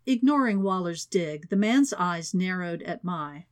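A woman reading a thriller audiobook as narrator, in a steady, even reading voice. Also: lowish voice, measured pace, few pauses. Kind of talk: scripted narration.

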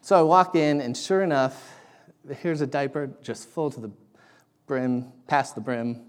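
A man preaching a sermon, telling a personal story in an animated, self-deprecating way. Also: mid-range voice, a little slow. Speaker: pastor.

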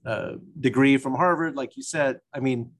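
A man co-hosting a talk show, reflecting in a loose, halting way with restarts. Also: mid-range voice. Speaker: co-host. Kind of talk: casual chat.

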